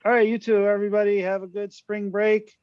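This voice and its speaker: Lecturer, slightly high, dry lo-fi sound. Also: male voice, flat delivery, brisk, clean tone, dry recording. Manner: loose, conversational, full of tag questions. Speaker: university lecturer. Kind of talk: casual online class lecture.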